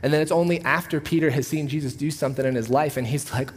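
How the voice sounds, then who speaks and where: A man preaching a sermon, his voice carrying with a long, lingering reverb through a church hall. His pitch sits in an ordinary middle range. He delivers it like casual storytelling, full of jokes. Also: fast, slightly rough. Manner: joking, conversational storytelling. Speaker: pastor. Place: church auditorium.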